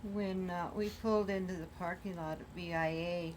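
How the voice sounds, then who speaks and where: An older woman, a grandmother, telling the family's story in a casual conversation, halting with many pauses. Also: lowish voice, steady tone, darkish tone, a little hiss or hum, rough recording.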